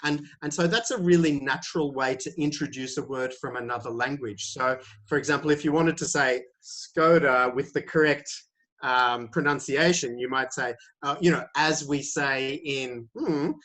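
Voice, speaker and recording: A man explains pronunciation to learners over a video call. He talks in a relaxed, loose way, thinking aloud, full of small fillers and restarts. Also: mid-range voice, moderate pace. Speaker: IELTS teacher.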